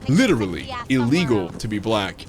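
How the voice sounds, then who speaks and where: A gamer host with a lowish voice and big swings in pitch tells a story on his livestream at normal speed, faint music behind him. It's loose and casual, with free swearing, many fillers, and frequent restarts.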